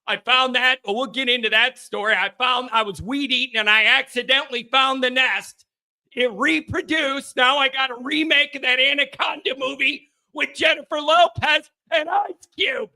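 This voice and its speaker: A high, very bright male voice that tends to shout its punchlines. He hosts a live fan stream with a rowdy, excitable, joking manner, and he riffs on viewer comments. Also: normal speed. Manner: rowdy and excitable, jokey, shouts bits for effect. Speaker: host of a fan call-in show.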